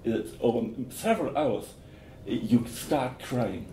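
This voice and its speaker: A man from Germany, a native German speaker with a German accent, speaking earnestly and emphatically in English, with some halting restarts. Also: lively intonation, warm tone. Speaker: entrepreneur in the discussion. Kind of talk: casual conversation. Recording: roomy echo with faint rumble.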